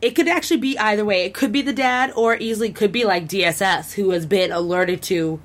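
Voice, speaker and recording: A woman's voice: mid-range voice, a little fast. Chatty woman rambling through a game recap. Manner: rambling, enthusiastic, many fillers and restarts. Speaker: podcast co-host. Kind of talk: casual chat about a video game.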